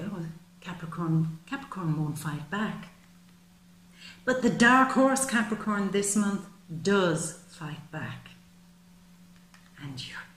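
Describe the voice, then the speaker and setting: A woman giving a monthly tarot reading, expressive and repeating words for emphasis. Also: on the low side, a little hiss or hum. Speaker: tarot reader. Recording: roomy echo.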